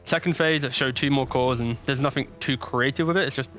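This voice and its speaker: A man analysing a live esports draft, explaining at length in a quick, lively way. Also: medium pitch, soft background music.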